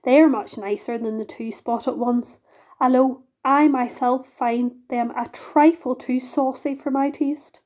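A woman's voice: sits high, fairly even intonation, unhurried, a little mellow. A woman voicing a modest but proud female ladybird with a genteel, prim manner.

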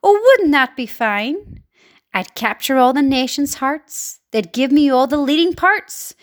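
A woman's voice: sits high, lively intonation, measured pace. A woman reading a storybook aloud, voicing a vain, greedy old aunt with a pompous, gloating manner.

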